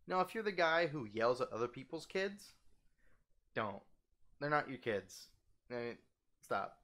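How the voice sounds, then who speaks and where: A young man ranting casually, animated and profane, his voice jumping up when heated. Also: unhurried, long pauses. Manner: animated, swearing, heated, with sudden pitch jumps. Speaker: vlogger ranting.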